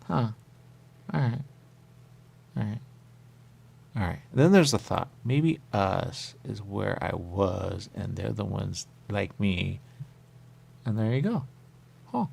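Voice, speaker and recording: A man talking in a rambling, repetitive radio monologue, dropping to whispers and jumping to sudden high exclamations. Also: animated, moderate pace, gravelly, pauses often, a little mellow. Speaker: radio host.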